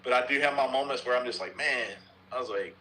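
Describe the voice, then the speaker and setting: A man's voice: medium pitch, fast, bright, forceful tone, poor audio. A middle-aged man from North Carolina chatting casually on a podcast, rambling and repeating himself with the odd curse word. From North Carolina, USA. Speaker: softball bat reviewer and podcast guest.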